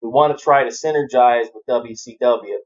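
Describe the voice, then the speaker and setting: A man's voice: medium pitch, fairly even intonation, moderate pace, muffled recording. A man chatting casually on a podcast as a guest, rambling through stories and swearing freely. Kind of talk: casual chat.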